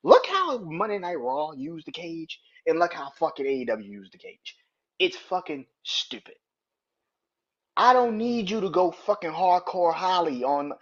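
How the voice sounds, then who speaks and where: A man in his thirties rants on his podcast, his voice husky and a little high for a man. He swears freely and his pitch swings widely as he gets worked up. The recording sounds dull and lo-fi. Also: unhurried. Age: 30s. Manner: profane, heated, animated ranting. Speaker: podcast host. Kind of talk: casual wrestling rant.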